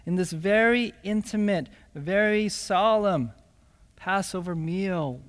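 Male pastor, sermon, slightly high voice, long hall echo, rhetorical asides. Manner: slow, emphatic preaching with rhetorical "right?" asides.

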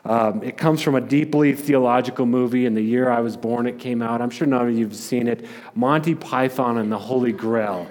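A man's voice: medium pitch, darkish tone, long reverb tail. A man preaching a sermon as a pastor, talking in a conversational way with frequent restarts and repeated words.

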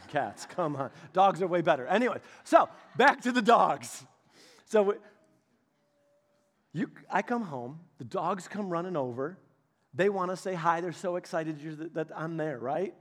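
A man pastor giving a casual, storytelling sermon, chatty and animated, speaking directly to his congregation. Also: on the high side, a little slow. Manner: chatty, animated, many restarts and asides.

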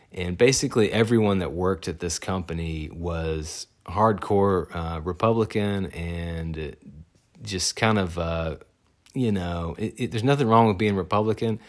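A man in his thirties casually telling a personal story, rambling with fillers and restarts and laughing at himself now and then. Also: low-pitched. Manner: rambling, many fillers and self-corrections.

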